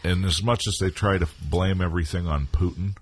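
Super deep husky guy on a podcast, blunt and dry, close dry mic. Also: fairly even intonation, fairly quick, no room sound. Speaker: podcast co-host. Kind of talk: casual chat.

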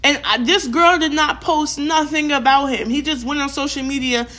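Speaking at a moderate pace in a high voice, this young woman vlogger launches into a profane, animated storytime rant for her viewers. Her delivery is full of fillers and re-enacted dialogue.

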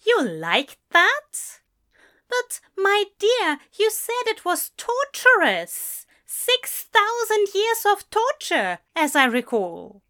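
A woman's voice: very high voice, extremely slow, a bit bright, pitched above the performer's own voice, exaggerated voice. A woman voicing a prim, fond male angel in a fan fiction reading, full of puzzled questions and exclamations. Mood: baffled.

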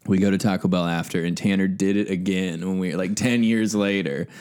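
A man from Omaha hosting a podcast, telling stories in an animated, profane way. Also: low voice, a little fast, clean tone. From Omaha, United States. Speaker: podcast host. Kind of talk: casual podcast chat.

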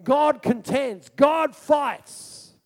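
High-voiced preacher in an echoey hall. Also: male voice, drawn-out words. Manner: animated storytelling, asks the congregation questions. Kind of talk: sermon.

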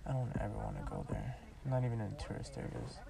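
A young man with a gravelly voice, talking slangy and full of swearing in a relaxed chat with a friend. He sounds a little far from the mic, with a lively crowd in the background. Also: fairly low pitch, fast talker. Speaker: friend chatting. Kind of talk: casual chat. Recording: distant mic in a chatty crowd.

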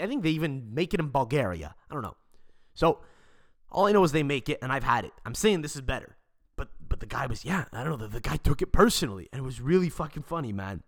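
A man, hosting a podcast and telling a rambling, profane story in casual chat. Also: mid-range voice. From Montreal, Canada. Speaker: podcast host.

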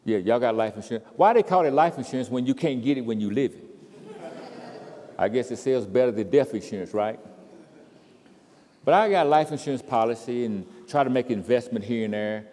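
A man's voice: medium pitch, animated, fairly quick, a little hiss or hum. Man, preacher, sermon, fervent swells, echo of a big hall. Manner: builds to loud impassioned crescendos. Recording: reverberant hall.

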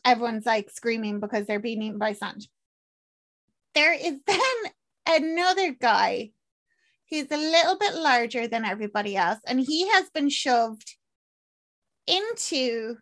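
A slightly high-voiced woman chats loosely through a film's plot. She swears freely and drops into quick impressions of the characters. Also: a bit bright. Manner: chatty, swearing, acts out lines in quick voices. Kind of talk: casual chat recapping a film.

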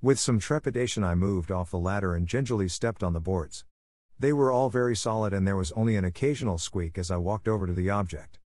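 A man narrating a ghost story in a measured, formal first-person telling. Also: low-pitched, darkish tone, no room sound.

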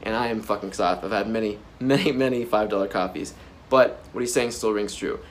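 A man's voice: fairly low pitch, brisk, slight background noise. Profane, blunt guy ranting. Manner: profane, blunt, swings into loud outbursts. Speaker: motivational vlogger. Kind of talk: unscripted motivational rant to camera. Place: indoors by a whiteboard. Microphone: camera framing him at a whiteboard.

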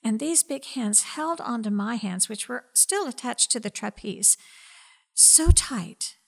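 A woman who directs a ministry, giving an earnest faith testimony in an interview, slow and hesitant with many fillers and soft, breathy stretches. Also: fairly high pitch, expressive.

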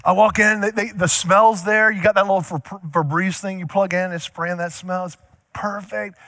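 A male pastor preaching a sermon, animated, acting out little scenes for the congregation. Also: high-pitched, normal speed, no room sound, clean studio sound.

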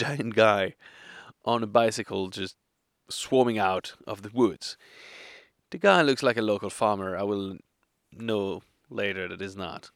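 Tipsy guy rambling about his hike, kinda gravelly low voice, dry sound. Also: a bit bright, dry recording. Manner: hesitant, rambling, laughs often. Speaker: solo hiker vlogger. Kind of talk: casual storytelling to camera. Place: campsite outdoors.

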